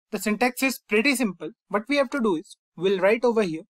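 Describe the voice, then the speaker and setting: A young man hosting a coding tutorial, calmly walking through each step and often saying "fine" and "over here". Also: high-pitched, fairly quick, dry recording. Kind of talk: screen-recorded coding lesson.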